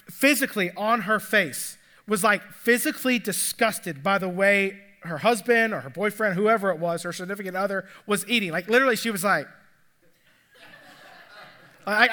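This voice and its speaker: Bright high-voiced pastor preaching. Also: male voice. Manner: conversational, confessional, asks the congregation questions. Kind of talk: sermon. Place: church sanctuary.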